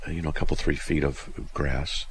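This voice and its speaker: A man hosting a call-in radio show, telling stories in an animated way, often laughing and acting out other people's shouting. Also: rumbling low, fairly quick, slight background noise. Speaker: radio host. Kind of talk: casual storytelling on call-in radio.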